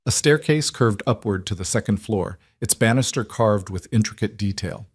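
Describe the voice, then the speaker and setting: A man narrating a scripted western story in a measured, dramatic way. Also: on the low side, slightly rough, no echo, studio quality.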